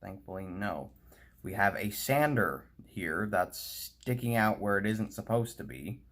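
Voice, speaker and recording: A young man with a lowish, gravelly voice narrates his hobby work casually. His pitch swings widely as he chats playfully to himself and the model. On fiddly steps he drops to a quiet whisper. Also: expressive, unhurried.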